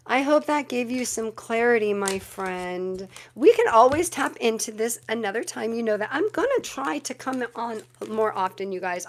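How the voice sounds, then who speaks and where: A woman in her forties from Southern California with a Valley girl cadence, a tarot reader rambling chattily on a live stream, her voice troubled for months. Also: medium pitch. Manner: chatty, rambling, self-described quirky with no filter. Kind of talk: casual live stream chat.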